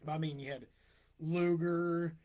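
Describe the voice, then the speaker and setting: A man's voice: a little high, fairly even intonation, slow, darkish tone. A man co-hosting a casual podcast, joking and chiming in often. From St. Louis area. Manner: playful, jokey, chimes in often. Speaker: podcast co-host. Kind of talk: casual chat.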